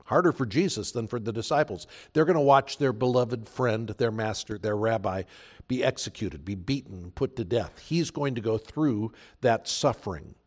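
A man's voice: on the low side, normal speed. A man preaching a sermon as pastor, earnest and emphatic, repeating phrases for weight.

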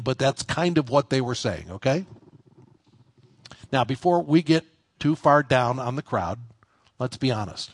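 A male pastor delivers a sermon in a conversational, explanatory tone, lifting his voice when he drives home a point. His voice sits at an ordinary middle pitch. The sound is close and dry, with no room echo. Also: expressive, moderate pace. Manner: conversational preaching, rising with emphasis.

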